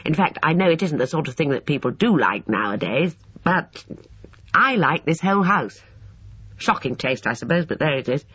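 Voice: mid-range voice, lively intonation, normal speed, sharp tone, slightly rough, muffled recording. A reader doing a breezy chatty young man. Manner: breezy, rambling and eager.

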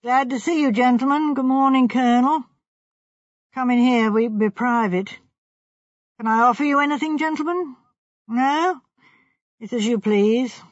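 A reader voicing a burly, shifty, middle-aged publican who is rough-spoken and indignant. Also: high voice, measured pace, long pauses, no echo, lo-fi sound, pitched above the performer's own voice. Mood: ingratiating. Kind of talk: audiobook character voice.

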